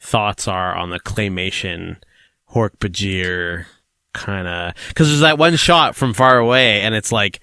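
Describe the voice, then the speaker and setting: A man's voice: on the low side, unhurried, sharp tone, smooth, dry recording, studio quality. A man co-hosting a casual podcast, rambling and swearing as he leads the topics. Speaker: podcast co-host. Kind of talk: casual chat.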